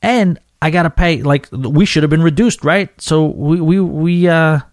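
A man from New York hosting a podcast, telling a travel story in an animated, profane rant full of restarts. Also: fairly high pitch, unhurried, no room sound, studio quality. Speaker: podcast host. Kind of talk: casual storytelling monologue.

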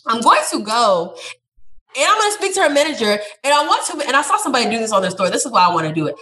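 A woman's voice: fairly high pitch, very animated, very fast, sharp tone. A young woman in casual podcast chat, animatedly telling a story, acting out quotes and swearing freely.

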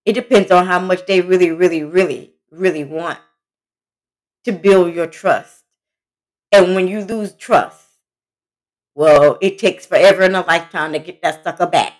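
A woman's voice: lowish voice, steady tone, a little slow, pauses often. Blunt, emphatic woman podcast host. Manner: blunt, emphatic and conversational, addresses listeners directly. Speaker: podcast host giving relationship advice. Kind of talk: casual solo podcast talk.

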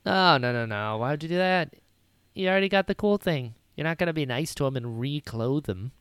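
A woman hosting a podcast, recapping a film in casual chat with lively retellings. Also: deep voice, clear, resonant tone, dry recording, studio quality. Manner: animated retelling with quick character voices. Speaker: podcast host.

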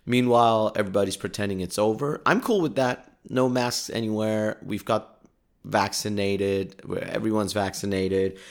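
Male podcaster, somewhat low voice, loose storytelling monologue, pokes fun at himself. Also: moderate pace. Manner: chatty, self-deprecating, laughs often. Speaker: podcast host. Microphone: podcast microphone.

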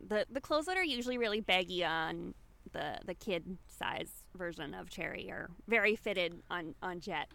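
Bright-voiced woman, rambling casual narration. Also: fairly low pitch, animated, moderate pace, creaky. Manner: rambling, filler-heavy. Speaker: player. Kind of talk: casual role-play narration.

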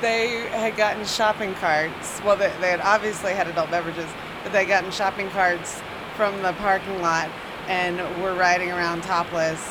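A woman's voice: on the low side, fairly even intonation, moderate pace, noisy background. A woman and flight attendant telling a rambling anecdote, correcting herself and laughing. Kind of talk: casual anecdote.

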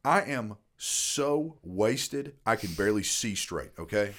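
A man's voice: fairly low pitch, very animated, takes it slowly, a bit bright. A man in his thirties from Tennessee, a podcast host telling a rambling, profane story. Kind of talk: casual storytelling.

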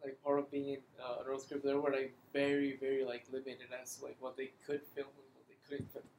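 A man's voice: mid-range voice, completely flat delivery, a little fast, darkish tone. A man co-hosting a podcast in casual chat, slangy and swearing freely, laughing often. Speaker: podcast co-host. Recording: echoey room with faint noise.

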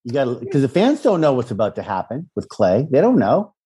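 A man's voice: mid-range voice, huge pitch swings, a little fast, warm tone, breathy edge. A man co-hosting a casual podcast chat about a TV show he acted in, profane and jokey. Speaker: podcast co-host, former cast member.

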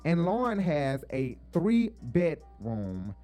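A man's voice: fairly high pitch, big pitch swings, slow, warm tone, faint music behind. A man giving blunt, profane, sassy commentary while reacting to a reality show.

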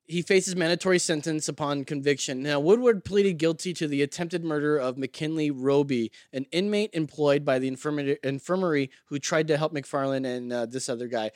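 A man's voice: fairly high pitch, brisk, hardly any pauses, darkish tone, no echo, clean studio sound. A man hosting a crude casual podcast, joking, swearing and stumbling while reading aloud. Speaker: host.

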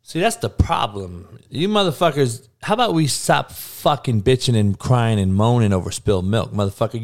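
Man ranting profanely on a podcast. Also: medium pitch. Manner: blunt, heavily profane, rants and repeats lines for emphasis; calls out live listeners by name. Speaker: podcast host. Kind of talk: live podcast rant.

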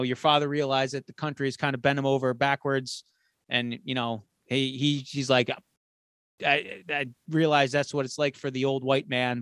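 A man's voice: mid-range voice, clear, resonant tone, dry recording, clean studio sound. A man co-hosting a podcast, casually retelling a film's plot and acting out the characters' lines with plenty of swearing. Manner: animated storyteller acting out quotes with swearing. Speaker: podcast co-host.

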